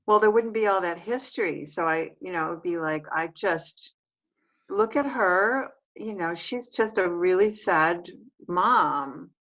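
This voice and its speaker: A woman in a guided self-inquiry session, talking through her feelings in a hesitant, halting way, often restarting. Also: on the low side, fairly bright tone. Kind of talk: reflective one-on-one session talk.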